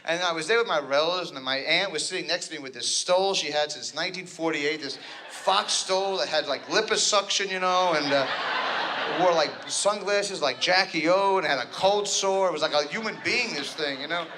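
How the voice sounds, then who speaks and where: Male stand-up comedian, from New Jersey, neurotic, rambling, self-deprecating, higher pitch. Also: fairly quick, background noise. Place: stage before a live audience.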